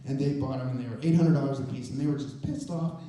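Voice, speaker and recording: A man telling a personal story to a live audience on stage, in a lively conversational way that builds suspense. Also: medium pitch, fast talker. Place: stage in a performance venue. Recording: very echoey, voice from a distance.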